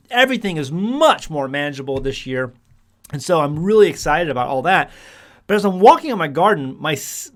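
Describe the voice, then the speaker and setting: A man casually talking to the camera about his homestead, rambling along with restarts, fillers and frequent chuckles. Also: on the high side. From United States. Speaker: homesteading vlogger.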